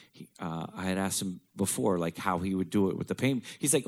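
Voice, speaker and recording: A man with a very low, deep voice tells a personal story. He talks bluntly, swears freely and slips in dark jokes. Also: animated, fairly quick, few pauses. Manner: blunt, profane, darkly joking.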